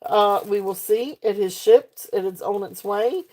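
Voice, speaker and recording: A woman's voice: medium pitch, a little slow, mellow. A woman hosting a casual live jewelry sale, chatty and laughing often, with many fillers and restarts. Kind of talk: casual live-stream sales chat.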